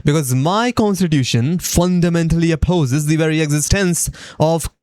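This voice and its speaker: A man's voice: a little high, moderate pace, a little mellow, dry recording. A young man from India telling a comedic story with sarcastic, dramatic delivery and frequent laughs. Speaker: VTuber.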